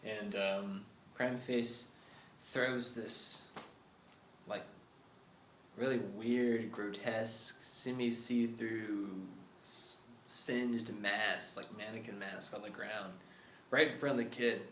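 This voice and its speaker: A man casually pitching a story idea in a studio, rambling, cursing and laughing often. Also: fairly even intonation, slow, fairly bright tone, roomy sound, slight background noise.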